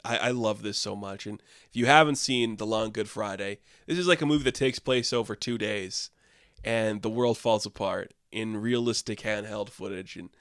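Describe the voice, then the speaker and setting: A man's voice: fairly low pitch, fairly bright tone, no echo, clean studio sound. Enthusiastic man rambling about a film. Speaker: film reviewer. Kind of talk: casual film review.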